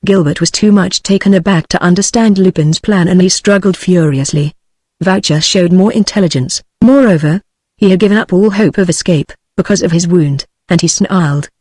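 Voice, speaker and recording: A woman's synthetic voice with a British English accent, reading a novel aloud in steady, even scripted narration. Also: lowish voice, normal speed, dry recording.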